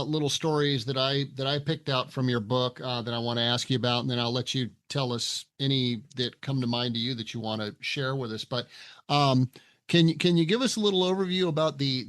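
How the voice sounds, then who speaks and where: A man hosting a podcast interview, relaxed and hesitant, asking questions with many fillers. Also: mid-range voice. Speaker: podcast host. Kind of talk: casual interview chat.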